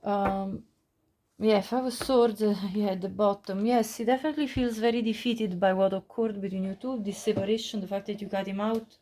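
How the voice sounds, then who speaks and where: A woman's voice: mid-range voice, fairly even intonation, brisk, dark tone. A woman giving a casual pick-a-card tarot reading, chatty, with frequent laughs and many fillers and restarts. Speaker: tarot reader.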